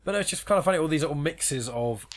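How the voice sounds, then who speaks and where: A man's voice: fairly high pitch, lively intonation, quick pace. A man co-hosting a podcast in casual chat, explaining his reasoning at length and teasing his friend. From England. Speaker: podcast co-host.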